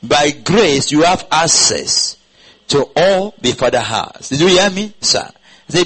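A man preaching a sermon to his church in a somewhat high voice that leaps up and down all the time. He keeps asking his listeners questions and has them say his lines back to him. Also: lively intonation, slow pace, fairly bright tone, husky, rough recording. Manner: preaching with call-and-response and rhetorical questions. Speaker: pastor. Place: church congregation.

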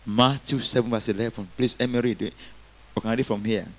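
A male preacher delivers an energetic sermon. He quotes scripture and has the congregation repeat his lines back to him. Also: mid-range voice, fairly quick.

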